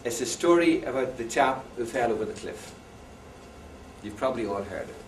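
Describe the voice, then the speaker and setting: A man's voice: medium pitch, expressive, moderate pace. A man giving a talk on education to an audience, telling jokes and asking listeners questions. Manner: anecdotal, jokey, asks the audience questions. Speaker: conference speaker. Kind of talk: lecture to an audience. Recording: echoey hall, far from mic, faint noise.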